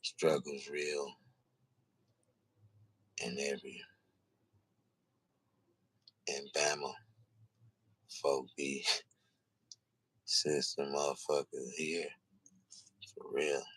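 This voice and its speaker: Brief: deep, lively middle-aged man, profane rambling vlog rant, dry close recording. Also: drawn-out words, long pauses, husky, no room sound. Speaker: vlogger. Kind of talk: casual ranting monologue.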